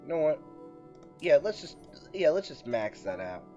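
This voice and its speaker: Excitable male gamer, jokey commentary, fairly high, very lively pitch, muffled audio, faint music. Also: moderate pace. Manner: excitable, jokey, outbursts of frustration. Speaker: let's play host. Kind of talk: casual gameplay commentary.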